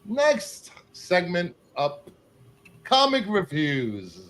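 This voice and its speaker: A man hosting a casual comic book podcast, animated and teasing. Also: sits high, drawn-out words, a little hiss or hum, poor audio. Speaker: podcast host. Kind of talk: casual chat.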